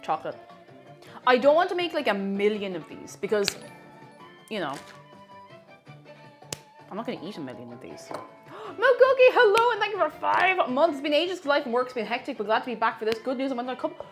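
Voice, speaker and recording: A woman streamer chats playfully while she bakes. Her voice sits a little high and jumps around a lot in pitch. Faint music plays quietly behind her. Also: very animated, fairly quick, long pauses. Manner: chatty and playful, greets viewers by name. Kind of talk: casual chat while baking on a live stream.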